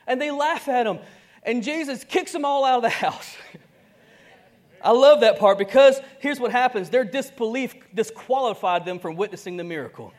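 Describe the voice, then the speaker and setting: A man preaching a sermon to a congregation, conversational and animated. He acts out dialogue, with sudden swings between soft and loud, and chuckles often. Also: extremely high pitch, moderate pace. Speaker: pastor.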